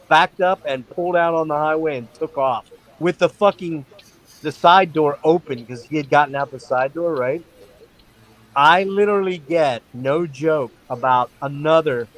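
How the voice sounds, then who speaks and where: A middle-aged man hosting a stream, telling a wild story in a casual, animated and profane way. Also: on the high side, poor audio. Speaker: stream host.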